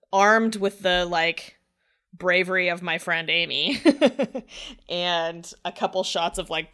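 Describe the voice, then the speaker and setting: A woman recounts a personal story in an easygoing chat, with a bright, sharp-edged tone. She talks loosely and swears freely, with "like" after nearly every phrase. When she quotes people, she acts out their voices. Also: lowish voice, smooth. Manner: chatty, swears freely, heavy use of "like". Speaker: guest telling a personal story. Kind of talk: casual conversational storytelling.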